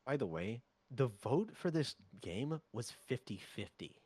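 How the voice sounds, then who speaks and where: A man's voice: medium pitch, big pitch swings, unhurried, darkish tone, breathy edge, dry recording. A man co-casting an esports match, breaking down the teams' play and stammering when he restarts a thought. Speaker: esports co-caster. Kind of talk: esports analysis commentary.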